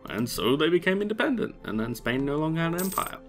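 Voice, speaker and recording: A man's voice: fairly high pitch, very animated, fast talker, few pauses, a bit bright, faint music behind. A man casually commenting on a strategy game he is playing, wry and rambling with sarcastic asides. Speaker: let's play host.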